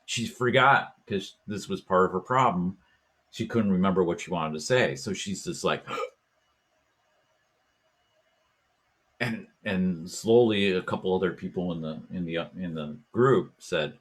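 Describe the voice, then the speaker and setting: A man hosting a talk show, telling a story in a casual, animated way and acting out voices and chants as he goes. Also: deep voice, a little slow, husky. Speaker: podcast host.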